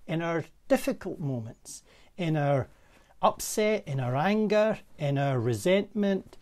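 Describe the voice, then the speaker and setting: A man with a Scottish accent, a parish minister giving a gentle, conversational reflective sermon from a room in his manse. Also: on the high side. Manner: gentle, conversational, with pauses and soft laughs.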